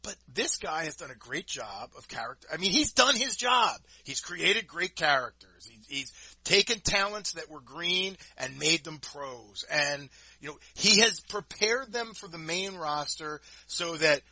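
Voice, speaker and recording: A man's voice: a little high, lively intonation, unhurried, sharp tone, dry recording. A man co-hosting a podcast, talking in a blunt, casual way and swearing freely. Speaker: podcast co-host. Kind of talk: casual wrestling talk.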